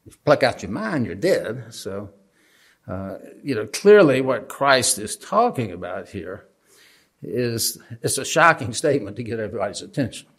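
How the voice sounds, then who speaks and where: His medium-pitched voice has a sing-song lilt, a fairly bright tone and a breathy edge, at normal speed. A Bible teacher at a lectern, he chats casually, asks the audience questions and uses self-deprecating humor.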